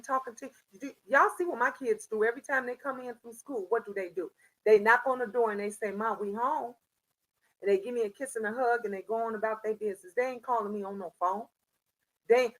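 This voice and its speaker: Preachy high-voiced woman talking to chat. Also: fairly bright tone, poor audio. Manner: preachy, repeats lines for emphasis, reads chat names. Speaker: livestream host. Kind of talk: casual live-chat monologue.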